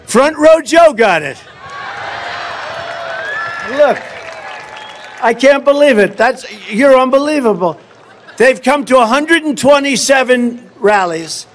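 A man's voice: very high-pitched, animated, takes it slowly, pauses often, fairly bright tone, a faint crowd, slight background noise. A man from the United States giving a rambling, boastful rally speech full of repetitions and asides. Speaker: political candidate at a rally.

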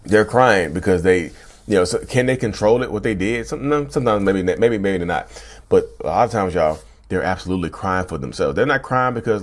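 A YouTube host with a deep voice, lively intonation and a fairly quick pace chats casually to the camera. Talking to his viewers, he repeats phrases and says "y'all" a lot.

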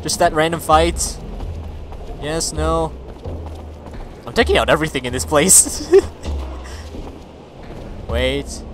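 A man giving let's play commentary. He is excitable, swears a lot and yells at his game companion. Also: fairly high pitch, slow, long pauses, slight background noise. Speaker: gaming video creator.

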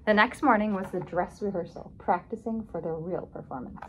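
A woman reads a picture book aloud to children at an even, middle pitch. She reads expressively and pauses to ask her listeners questions. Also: highs cut off, a little hiss or hum. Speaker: storybook reader.

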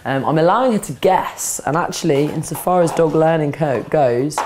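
A woman explains dog scent training in a calm, practical way. She talks like a trainer at work, mixing instructions with quiet praise for the dog. A faint hiss sits under her voice. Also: sits low, normal speed. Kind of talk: instructional demonstration. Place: indoors, training session with a dog.

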